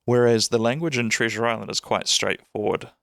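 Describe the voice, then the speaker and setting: A man's voice: mid-range voice, fairly even intonation, brisk, creaky, fairly bright tone, no echo, clean studio sound. A man with a New Zealand accent hosting a podcast, chatting in a rambling, enthusiastic way with plenty of fillers. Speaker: podcast host. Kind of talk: casual chat.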